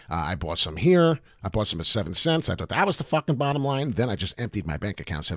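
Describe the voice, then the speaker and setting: A low-voiced man talks through trading charts in a loose, swearing, catchphrase-heavy way. His pitch swings up and down a lot. The sound is dry and close, with no room in it. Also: fast talker, few pauses, dry recording. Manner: animated, profane, hype catchphrases. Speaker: crypto trading channel host. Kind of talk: casual chart walkthrough.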